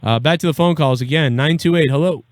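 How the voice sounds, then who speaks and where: A man's voice: a little high, fast talker, no room sound, clean studio sound. Profane rambling call-in show host man. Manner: profane, rambling, laughs easily. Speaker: live show host taking calls. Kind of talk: casual live call-in show.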